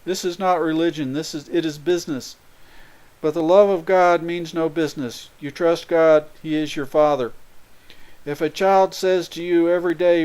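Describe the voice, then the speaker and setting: A man's voice: on the high side, steady tone, normal speed, darkish tone. A man giving a sermon, earnestly explaining spiritual points through everyday examples. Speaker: spiritual speaker.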